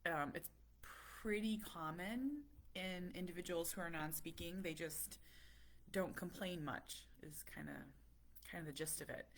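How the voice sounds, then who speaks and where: A woman talking casually to her viewers about her family, chatty and animated, a little stuffy from a cold. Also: fairly low pitch, measured pace. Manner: chatty, animated, laughs often. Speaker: parent vlogger. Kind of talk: casual chat.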